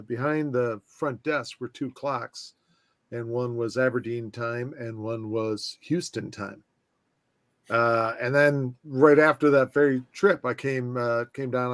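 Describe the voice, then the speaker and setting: A man's voice: mid-range voice, no echo. Dry-sounding man chatting casually. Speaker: podcast co-host. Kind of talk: casual chat.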